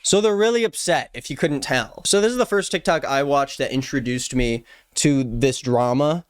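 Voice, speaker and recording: A man's voice: mid-range voice, moderate pace, clear, resonant tone, dry recording, raised voice, studio quality. A man in his twenties giving playful, jokey casual commentary as a YouTube host. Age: 20s. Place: Los Angeles.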